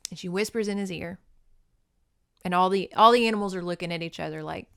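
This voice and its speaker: A woman hosting a podcast, recapping a movie in an animated, emotional, casual way with some swearing. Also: mid-range voice, brisk, gravelly, clear, resonant tone, dry recording, studio quality. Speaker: podcast host.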